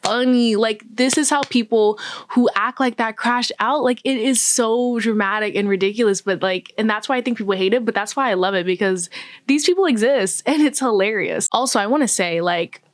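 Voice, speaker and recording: A woman's voice: on the high side, moderate pace, no echo. A woman vlogger giving casual, chatty film commentary, laughing often and using lots of fillers. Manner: chatty, laughing, filler-heavy with acted-out quotes.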